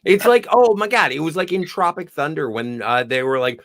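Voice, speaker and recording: A man's voice: fairly high pitch, fairly quick, a bit bright, no room sound, clean studio sound. A man co-hosting a podcast, chatting bluntly and wryly about a TV show and swearing freely. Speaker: podcast co-host. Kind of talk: casual chat about a TV show.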